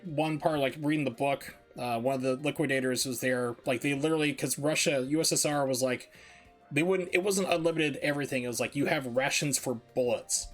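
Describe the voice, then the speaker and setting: A man streaming a speedrun, chatting casually and rambling with lots of fillers. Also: mid-range voice. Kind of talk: casual chat while gaming.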